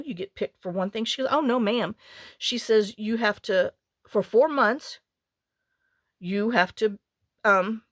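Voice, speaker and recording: A woman's voice: a little high, dry recording, clean studio sound. Chatty woman telling a long story. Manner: rambling, animated, with many restarts and quoted dialogue. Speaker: craft channel host. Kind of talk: casual chatty storytelling while crafting.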